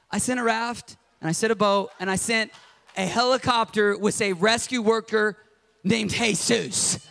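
A man's voice: very high voice, gravelly, fairly bright tone, voice pushed up, exaggerated voice. A man playing an incredulous, exasperated Jesus. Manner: incredulous, emphatic. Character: exasperated Jesus scolding a stubborn believer.

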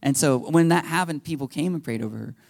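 A man's voice: fairly high pitch, fast, vocal fry, dry recording, clean studio sound. Upbeat man preaching a sermon. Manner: animated storytelling with laughs and acted quotes. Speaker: pastor.

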